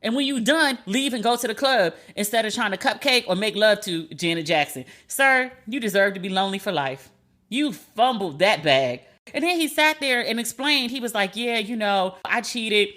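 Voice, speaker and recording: A woman's voice: on the high side, lively intonation, a little fast, pushed and bright. A woman hosting a podcast, ranting in a sassy, emphatic, profane way and repeating lines for punch. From United States. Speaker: podcast host. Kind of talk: casual commentary rant.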